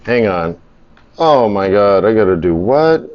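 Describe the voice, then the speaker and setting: A man's voice: lowish voice, sing-song, unhurried. A middle-aged man hosting a live trading stream. He talks in a rambling, blunt, casual way, grumbles and swears now and then. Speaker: live stream host, forex trader. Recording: slightly dull lo-fi audio.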